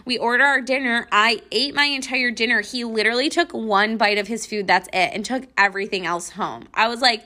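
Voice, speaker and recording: A woman's voice: a little high, brisk, few pauses, bright, forceful tone. A young woman hosting a podcast, casually telling a personal story to listeners, full of "like" and mocking retellings. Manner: chatty, frequent "like", mocking retellings. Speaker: podcast host.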